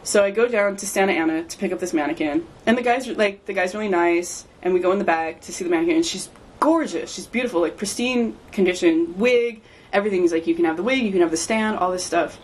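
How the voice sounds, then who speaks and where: A woman's voice: lowish voice, fast, a little mellow, a little hiss or hum. Chatty woman telling stories. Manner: chatty storytelling with laughs. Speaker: podcast guest. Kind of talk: casual chat.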